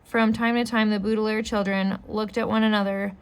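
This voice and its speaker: Lady reading a chapter book out loud, pretty flat tone, steady. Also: mid-range voice, a little fast, clean tone. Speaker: storyteller. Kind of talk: reading a children's novel aloud.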